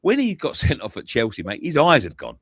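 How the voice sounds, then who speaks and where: A man, swearing a lot as he tells animated stories in a casual post-match football chat. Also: mid-range voice, brisk, no echo. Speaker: football fan pundit.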